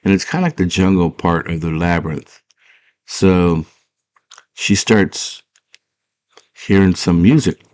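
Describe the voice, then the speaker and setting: A man's voice: low voice, unhurried, pauses often, darkish tone, dry recording. A man casually retelling a movie plot, rambling and full of filler words. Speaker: storyteller.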